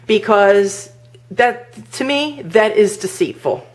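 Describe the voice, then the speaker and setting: A woman's voice: medium pitch, a little slow. A woman talks straight to her camera in a casual vlog, venting with plain indignation. She recounts exchanges and her own replies in an everyday speaking voice. The sound is of a handheld camera inside a parked car. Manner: indignant, venting, retells conversations. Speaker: vlogger.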